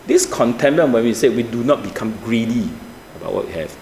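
A male pastor, preaching with animated swings from high emphatic peaks to low asides, asking the congregation rhetorical questions. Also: a little fast, slight background noise. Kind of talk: sermon. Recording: echoey church room with faint ambience.

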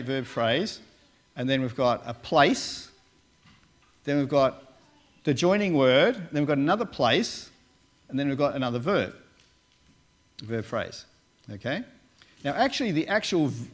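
A man who once worked as a Bible translator, giving a casual sermon and talking through slides with many fillers and restarts. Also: fairly high pitch. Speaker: preacher, former Bible translator.

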